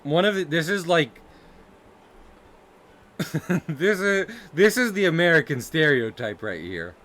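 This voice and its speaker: Drawing on a live stream, a man makes casual, rambling conversation, giggling between remarks and often laughing and beginning again. He sounds animated, with a slightly bright, higher voice and an unhurried pace.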